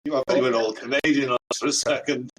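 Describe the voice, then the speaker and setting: A man's voice: mid-range voice, fairly even intonation, quick pace, a crowd in the background, low-quality recording. A man with a British accent in casual podcast chat, teasing the others with dry banter.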